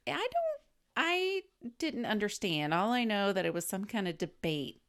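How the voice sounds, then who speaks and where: A woman co-hosting a film podcast in casual chat, laughing often and chiming in with quick remarks. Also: mid-range voice, sing-song, a bit bright, smooth. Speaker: podcast co-host.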